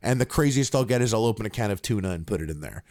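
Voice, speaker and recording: A man's voice: on the low side, animated, very fast, darkish tone, no echo. Rambling man, dry close sound. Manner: rambling, frequent swearing, lots of fillers like "like". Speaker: podcast co-host. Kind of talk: casual chat.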